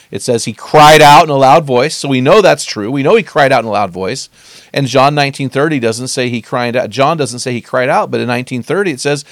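A middle-aged man teaching on scripture in an earnest, conversational way, slowing down to stress key phrases. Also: medium pitch, dry recording, clean studio sound.

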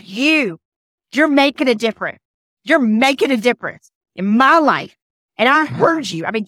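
On her podcast, a motivational speaker with a cold tells a personal story in a fairly high, bright, nasal voice. She's emphatic and passionate, echoing her own phrases and frequently starting over. The audio is dry and clean like a studio, despite being recorded outdoors in the rain.

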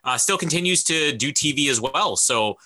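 A man's voice: a little high, expressive, normal speed, bright, forceful tone. A man co-hosting a podcast, chatting casually and hesitantly, starting his sentences over. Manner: hesitant, many fillers and restarts. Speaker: podcast co-host. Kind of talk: casual chat.

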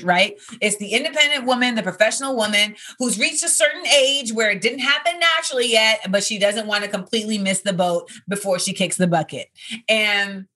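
With a bright, forceful tone and a medium pitch, a thirty-something comedian hosts her podcast in a loose, casual chat. She rambles conversationally and leans heavily on fillers.

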